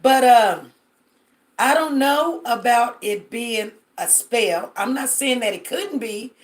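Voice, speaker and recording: A woman's voice: a little high, lively intonation, slow. Chatty woman hosting a live stream. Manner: chatty, storytelling, addresses viewers directly, many fillers. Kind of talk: casual live-stream chat. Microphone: phone.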